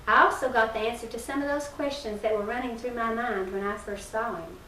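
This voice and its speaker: A woman reading a humorous first-person short story aloud in a measured storytelling delivery, with a few small slips. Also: medium pitch, fairly bright tone. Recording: roomy distant early-1990s recording with faint hiss.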